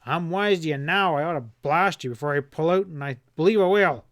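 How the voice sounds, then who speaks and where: A man's voice: on the high side, brisk, fairly bright tone, lightly acted. A man voicing a hard, furious outlaw boss in a western audiobook, snarling and roaring his threats. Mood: shouting.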